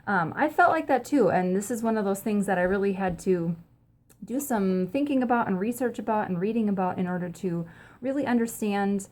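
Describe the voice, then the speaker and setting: A woman's voice: medium pitch, a little fast, a little mellow. A woman pastor giving a casual, upbeat teaching talk to camera, chatty with frequent ums. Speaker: pastor and host of a short church video series.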